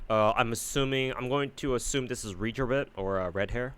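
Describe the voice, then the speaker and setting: A man's voice: medium pitch, brisk, few pauses, clear, resonant tone. A man casually commenting on a game he reads aloud, laughing at himself and swearing freely. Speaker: streamer reading a game aloud.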